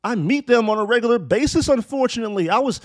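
A man in his thirties talks straight into the mic, blunt and profane, his fairly high voice swinging up and down as he drives each point home. The sound is dry and close, with no room around him. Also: expressive, fast, no room sound. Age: 30s. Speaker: commentator. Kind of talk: opinionated monologue with storytelling.

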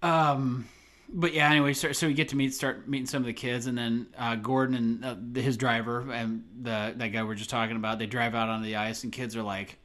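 This man co-hosts a casual movie podcast, talking in an even middle pitch. He gets animated, laughs often and jumps up into high, put-on voices when he quotes characters. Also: fairly quick. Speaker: podcast co-host. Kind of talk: casual chat.

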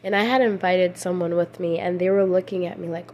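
A woman's voice: on the low side, steady tone, fairly quick, a little mellow, a little hiss or hum. Tired young woman rambling about faith. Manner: rambling, emotional, slangy, restarts often. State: tired, late at night. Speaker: podcast host. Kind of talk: casual faith podcast monologue.

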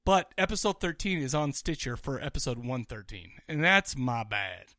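A man's voice: medium pitch, very animated, normal speed, pushed and bright, no room sound, studio quality. A man co-hosting a podcast in casual chat, rowdy and joking, often talking over his co-host.

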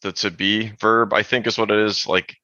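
A man co-hosting a podcast, chatting casually and rambling about language with animated asides. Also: lowish voice, moderate pace, no room sound, highs cut off. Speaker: podcast co-host. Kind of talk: casual chat.

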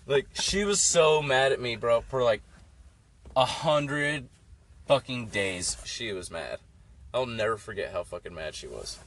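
A man's voice: mid-range voice, lively intonation, measured pace, long pauses, a bit bright. A young man telling stories in a casual, profane, rambling way, full of "like". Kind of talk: casual storytelling chat. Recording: faint background noise.

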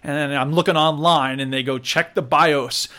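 A young man hosting a podcast, telling a long story in a casual, animated way and acting out the people he quotes. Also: fairly high pitch, normal speed. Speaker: podcast host.

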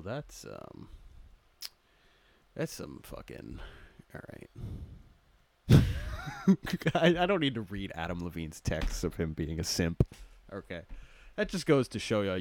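A man's voice: on the low side, slight background noise. A man hosting a solo comedy podcast, rambling crudely and joking, muttering to himself as he reads headlines. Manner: crude, joking, mumbles to himself while browsing. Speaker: podcast host.

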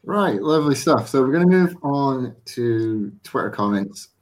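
A man hosting a casual podcast, briskly moving the show along. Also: mid-range voice, animated. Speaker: podcast host.

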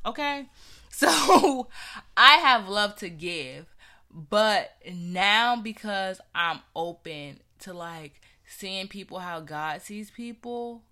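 A woman's voice: mid-range voice, bright, forceful tone. A young woman sharing her personal faith story in an earnest, conversational way, with many casual fillers.

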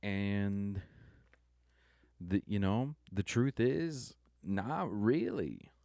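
A man's voice: lowish voice, animated, extremely slow, creaky, darkish tone, dry recording, studio quality. A young adult man giving a subdued, rambling confessional monologue that halts and restarts often. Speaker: vlogger.

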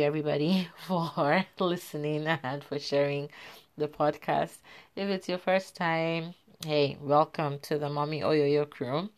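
A woman's voice: low-pitched, fairly even intonation, unhurried. A woman hosting her podcast about motherhood, chatting casually with lots of fillers and a smile in her voice. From Africa. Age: adult mother. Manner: chatty, warm asides with fillers; smiling while talking. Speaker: podcast host.

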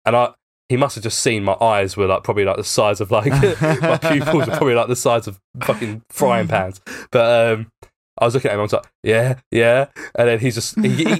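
A man's voice: medium pitch, dry recording, clean studio sound. A young man in casual podcast chat, rambling through a story with plenty of fillers and swearing.

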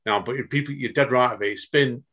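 A man's voice: mid-range voice, fast talker, fairly bright tone. A man hosting a podcast, chatty and matey with his guest. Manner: chatty, calls guest mate. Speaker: podcast host. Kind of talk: casual podcast interview.

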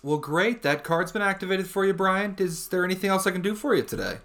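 A man's voice: high voice, expressive, fast talker, a bit bright. A young man co-hosting a casual podcast chat who slips into a polite, scripted customer service voice. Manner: polite scripted phone-agent tone. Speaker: podcast co-host.

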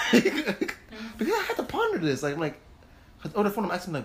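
A man telling a heated personal story in casual chat, animated, laughing and swearing as he goes. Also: high voice, normal speed, long pauses. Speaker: host.

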